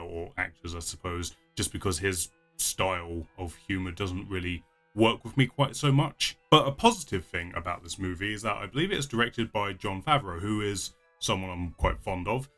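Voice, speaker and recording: A man's voice: on the low side, a bit bright. A man hosting a casual movie reaction, chatty, with lots of fillers and frequent laughs. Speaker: YouTube reaction host.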